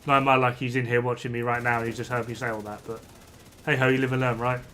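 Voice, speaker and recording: A man's voice: medium pitch, level tone, fast talker, bright, forceful tone, a little hiss or hum. A man streaming a game, ranting in exasperation and swearing freely as he talks to his chat. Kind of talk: casual gameplay commentary to chat.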